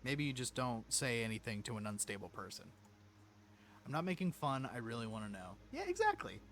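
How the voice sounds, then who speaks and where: A man's voice: medium pitch, animated, a little fast, fairly bright tone, a little hiss or hum. A man playing a mystery game, reading its text aloud and reacting with wry jokes. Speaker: game streamer.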